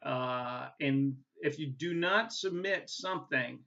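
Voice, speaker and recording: A man's voice: mid-range voice, slow, gravelly, sharp tone. A man with a New England accent, a college instructor talking casually through a recorded course welcome video, often checking in with "right?". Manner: casual and chatty, tags points with "right?", many "uh" fillers. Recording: dull lo-fi recording.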